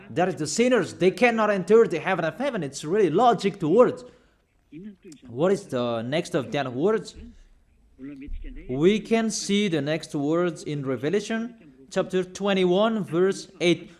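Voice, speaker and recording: High-voiced man preaching a scolding sermon. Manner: forceful, scolding, rhetorical questions.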